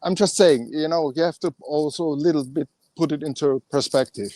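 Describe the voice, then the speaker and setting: A man's voice: on the high side, a little fast, a little mellow, no echo. A man with an Austrian accent chatting casually on a fan phone-in show, talking with many fillers and restarts. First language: German.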